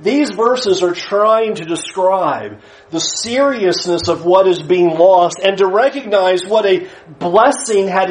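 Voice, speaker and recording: A man's voice: high-pitched, rough recording. A man preaching a sermon, earnestly paraphrasing scripture in a conversational way.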